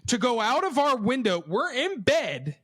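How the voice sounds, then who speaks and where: Animated bright-voiced young man. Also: very high-pitched, measured pace. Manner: animated, swearing, acts out voices in his stories. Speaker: podcast co-host. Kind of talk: casual storytelling chat.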